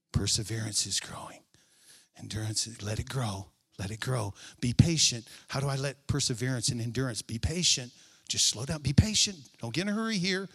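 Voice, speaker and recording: A male pastor preaching a sermon, repeating key phrases with emphasis, drawing them out and now and then dropping to a hushed aside. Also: mid-range voice, gravelly, slightly rough.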